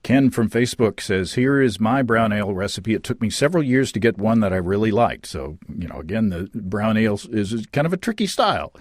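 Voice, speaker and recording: A man's voice: fairly low pitch, fairly quick, few pauses, dry recording, studio quality. A man hosting a casual chat, reading listener letters aloud with frequent fillers and laughter. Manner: lively, laughing, many fillers and restarts. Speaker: podcast host.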